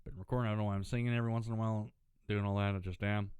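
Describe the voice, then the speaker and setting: A man's voice: lowish voice, fairly even intonation, racing, a little mellow, dry recording. Chatty gamer man with a dry throat. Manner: rambling, chatty, clears throat often. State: dry throat, voice sitting lower than usual. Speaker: gaming channel host. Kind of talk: casual gameplay commentary.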